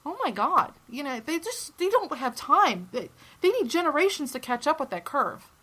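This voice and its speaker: A woman co-hosting a podcast, speaking in a fairly high, very bright voice. She rants in a heated way, swears freely and states her opinions strongly. Her pitch swings upward whenever she stresses a point. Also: very animated, normal speed. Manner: heated, profane, opinionated ranting. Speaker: podcast co-host. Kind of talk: casual podcast discussion.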